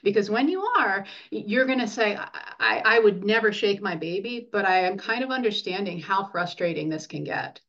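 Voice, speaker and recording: A woman speaking as a nurse and lactation consultant in an interview, earnest and animated, acting out what parents say. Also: medium pitch, normal speed, hardly any pauses, muffled recording. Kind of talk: conversational interview.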